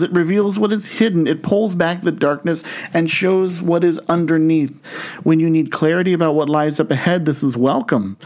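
A man preaching a sermon, reading scripture in a measured, deliberate way. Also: a little high, a little mellow. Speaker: pastor.

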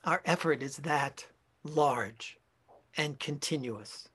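A man gives a dharma talk as a Zen teacher, taking his time and pausing to correct himself. His voice sits a bit high and sounds soft and husky. He speaks very slowly and deliberately. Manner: slow, reflective, with pauses and self-corrections.

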